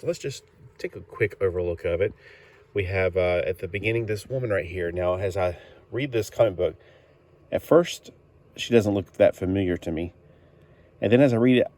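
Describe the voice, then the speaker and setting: A man with a low voice walks through an old comic book in a casual, rambling way. He stops often with fillers and corrects himself as he goes. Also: a little mellow.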